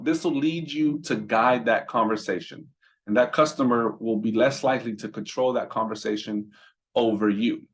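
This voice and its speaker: Man, mid-pitched voice, casual teaching talk, conversational, repeats words. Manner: conversational, repeats words, asks "right?" often. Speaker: roadside business trainer.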